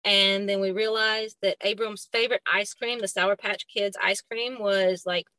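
Speaking with a Southern accent, this middle-aged woman is a podcast guest recounting something from her own life, stumbling through fillers and restarts while acting out quoted lines. Her pitch is medium and her intonation fairly even, and the tone comes across bright and forceful in a dry recording.

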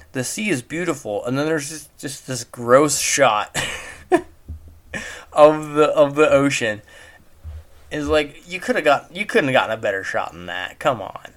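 A man's voice: medium pitch, fairly bright tone. A man giving casual spoken commentary on a movie at home, mocking it with incredulous rhetorical questions. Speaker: movie reviewer. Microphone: home recording.

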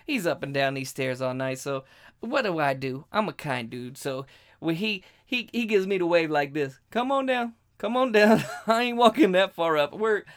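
A man's voice: a little high, expressive, moderate pace, smooth. Crude, ranting male podcaster. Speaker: podcast host. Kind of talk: casual storytelling rant.

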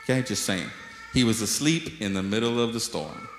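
Animated preacher in an echoey hall. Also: male voice, fairly low pitch, moderate pace, slight background noise. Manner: lively storytelling preacher, acts out voices, jokes with the congregation. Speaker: pastor. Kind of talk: sermon. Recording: echoey hall with long reverb.

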